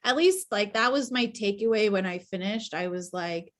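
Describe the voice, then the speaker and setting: A woman hosting a book club on a video call, retelling the story in an animated and emotional way. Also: medium pitch, normal speed. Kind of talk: casual book discussion.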